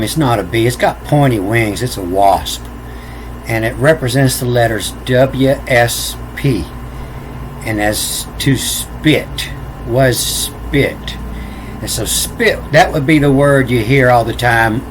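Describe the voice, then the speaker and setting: A man talks slowly through an unscripted explanation, often stalling and repeating himself before he spells out letters one by one. His pitch is ordinary for a man. A faint hum runs under the voice. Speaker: self-taught lecturer.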